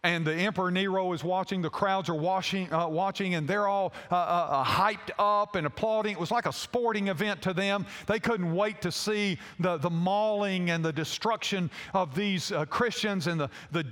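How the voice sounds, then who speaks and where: A man preaching a sermon as a pastor, telling a story haltingly with many fillers. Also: high-pitched, a bit bright. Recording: long hall reverb.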